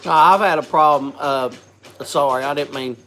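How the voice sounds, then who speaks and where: A man's voice: fairly high pitch, pushed and bright, soft background music. A man hosting a casual live chat, congested from a cold, coughing and often restarting his sentences. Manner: halting, restarts with repeated words. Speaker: host.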